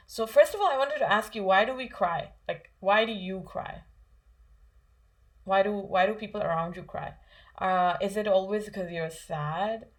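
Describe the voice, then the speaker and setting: Woman teaching children with questions. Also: medium pitch. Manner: asks kids questions, conversational, many fillers. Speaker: Islamic studies teacher for children. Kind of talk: children's lesson.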